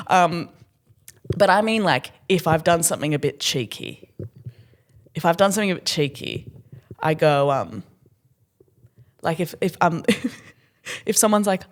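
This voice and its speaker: A woman's voice: on the low side, lively intonation, a little slow, pauses often. A young woman co-hosting a casual podcast, giggling and acting out quoted lines in a self-mocking way. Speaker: podcast co-host. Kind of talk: casual chat.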